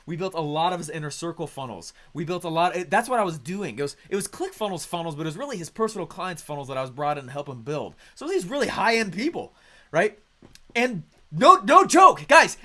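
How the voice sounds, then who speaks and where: A man with a notably high voice tells a story to an audience. He sounds excitable and keeps checking in with his listeners, tossing in "okay?" and "right?" as he goes. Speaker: speaker sharing his career story. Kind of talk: animated storytelling talk to an audience.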